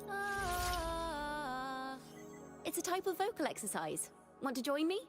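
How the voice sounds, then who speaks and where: An actress voicing a gentle, playful young woman who acts as a game companion and delivers teasing, softly cheerful lines. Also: high voice, sing-song, slow pace, soft background music, exaggerated voice.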